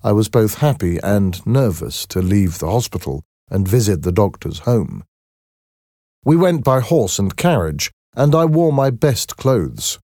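A man narrating a scripted story in a slow, clear storytelling manner. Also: lowish voice, very animated, dark tone, no echo, studio quality.

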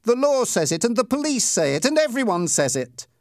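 A man voicing a small, gentle boy who grows angry and pleads, pitched well above his own voice. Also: big pitch swings, a little fast, dry recording, clean studio sound. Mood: angry pleading. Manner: desperate, defiant.

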